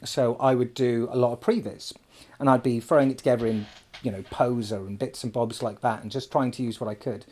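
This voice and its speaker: A man's voice: medium pitch, steady tone, fairly quick, darkish tone. A man chatting casually on a podcast, playful and jokey, with stammered restarts.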